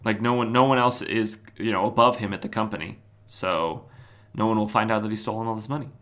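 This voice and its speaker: Bright-voiced man recapping comics wryly. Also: lowish voice, fairly even intonation. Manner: wry, chatty retelling with quick asides and mock voices. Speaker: podcast host. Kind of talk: casual comic book recap.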